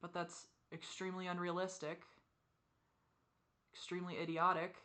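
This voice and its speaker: A woman venting in a personal confessional vlog, teary and frustrated, with sighs and soft muttered asides. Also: fairly low pitch, flat delivery, moderate pace. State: teary, crying. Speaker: vlogger.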